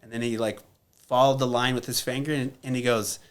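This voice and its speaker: Candid guest, a man in his thirties, straight-talking and profane, mid pitch, fillers throughout. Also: little pitch movement, fairly quick, clean tone. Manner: blunt, profane, many filler words. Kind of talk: candid conversational storytelling.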